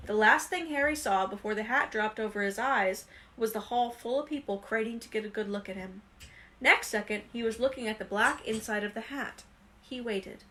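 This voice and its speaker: A woman reading a children's fantasy novel aloud with expressive, lively storytelling. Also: on the high side, normal speed. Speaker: reader.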